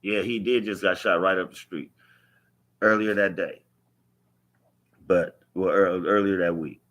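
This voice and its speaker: A man tells his life story to camera. His voice sits a little low but sounds bright and forceful. He hammers points home by repeating them and swears freely. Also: fairly even intonation, unhurried. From Los Angeles. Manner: emphatic, repeats key phrases, profane street talk. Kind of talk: unscripted personal storytelling.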